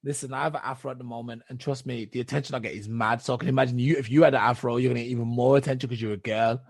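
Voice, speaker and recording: A man's voice: medium pitch, fairly even intonation, racing, creaky, husky, no room sound, studio quality. A man co-hosting a podcast, pushy and insistent in casual chat. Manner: pushy, keeps saying "trust me" and "listen". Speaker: podcast co-host.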